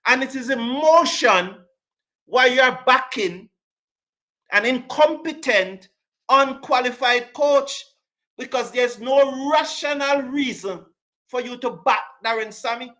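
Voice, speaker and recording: A man's voice: very high-pitched, takes it slowly, bright, forceful tone. A man hosting a cricket live stream, answering chat comments with passion, emphasis and lots of repetition. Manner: passionate, emphatic, repeats himself. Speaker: cricket show host.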